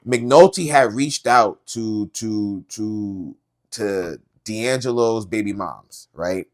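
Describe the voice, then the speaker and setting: A man hosting a podcast, casually recapping a TV series in slangy, animated storytelling with lots of filler. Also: fairly low pitch, takes it slowly. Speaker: podcast host.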